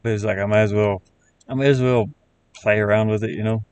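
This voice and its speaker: Southern man, lowish voice, game-dev streamer; halting, rambling casual talk while working. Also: fairly even intonation, darkish tone, slight background noise. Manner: rambling, halting, restarts words.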